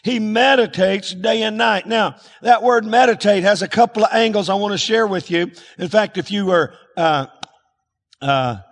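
Man, folksy sermon, high voice, long hall echo. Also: normal speed. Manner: folksy, calls for congregation responses. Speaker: pastor.

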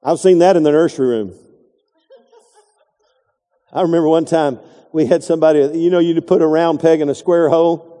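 Folksy preacher in a reverberant hall. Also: male voice, fairly high pitch, fairly even intonation, a little fast, long pauses, mellow. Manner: folksy, digressive preaching with acted quotes. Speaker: pastor. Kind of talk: sermon.

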